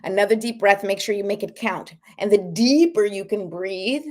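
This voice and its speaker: A woman with a middle-pitched voice hosts a relaxed livestream. She chats easily, checks in with her viewers and coaches them through slow breathing in an encouraging way. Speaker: host. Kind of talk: casual livestream talk and guided breathing.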